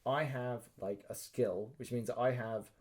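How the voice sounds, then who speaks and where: A man's voice: mid-range voice, steady tone, measured pace, a little mellow. A man, co-hosting a podcast and telling stories animatedly, swearing and acting out quotes. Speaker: podcast co-host. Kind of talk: casual chat, storytelling.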